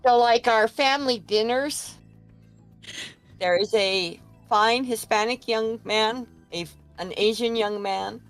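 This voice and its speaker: An older woman talks as a podcast guest, frank and easygoing, with a voice in the middle of the usual pitch range. Her casual chat takes its time. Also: a bit bright.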